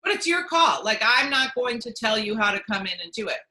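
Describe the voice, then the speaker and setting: A woman's voice: on the high side, expressive, fairly quick, pushed and bright, poor audio. A woman working as a casting director, answering interview questions in a chatty way with many restarts and fillers. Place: at home.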